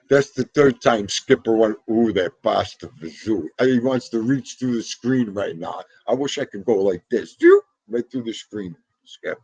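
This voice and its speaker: A man's voice: medium pitch, measured pace, a little mellow, slightly rough, no echo. A middle-aged man, hosting a livestream and chatting casually and chattily with viewers, laughing as he goes. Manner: chatty, laughing, talks back to the chat. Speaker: livestream host. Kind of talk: casual chat with live viewers.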